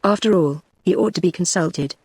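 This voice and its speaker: A woman with a British English accent, read by text-to-speech, voicing a calm, quietly amused young woman in an even synthetic delivery. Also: on the low side, normal speed, vocal fry, breathy edge, dry recording, studio quality.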